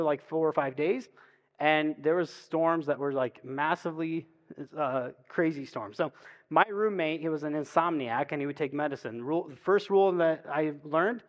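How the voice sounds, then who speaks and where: A man preaching a sermon as pastor, in a relaxed, conversational storytelling way, often checking in with "right?". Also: a little high. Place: church sanctuary. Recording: long reverb of a church hall.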